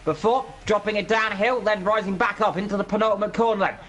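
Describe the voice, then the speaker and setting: A man's voice: sits high, fairly even intonation, fast, a bit bright. A man giving live commentary on an esports racing event, walking through the track with playful energy.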